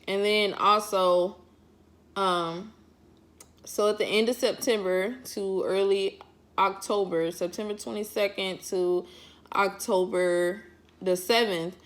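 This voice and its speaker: A woman's voice: medium pitch, a bit bright. A woman chatting casually to camera as a vlogger, folksy and encouraging, drifting off topic. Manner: encouraging, pep-talk delivery.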